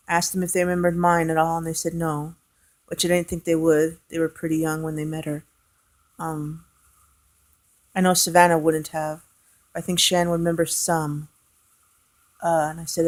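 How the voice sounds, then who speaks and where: A woman with a fairly low voice tells a personal family story to the camera. She talks earnestly and hesitantly, with fillers and restarts. Her tone grows quieter and emotional as she goes. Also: level tone, normal speed, pauses often. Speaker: aunt telling a family story. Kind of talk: casual storytelling vlog.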